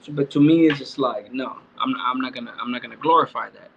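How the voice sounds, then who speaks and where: A middle-aged man hosts a livestream, speaking fast in a medium pitch and chatting casually in loose street slang with lots of swearing. The stream audio is dull and lo-fi, with slight background noise.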